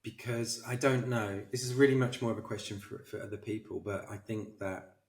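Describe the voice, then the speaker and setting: A film director, a man, telling anecdotes in an animated, self-deprecating way as an interview guest. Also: on the low side, brisk, distant mic. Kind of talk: casual interview storytelling. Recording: roomy echo.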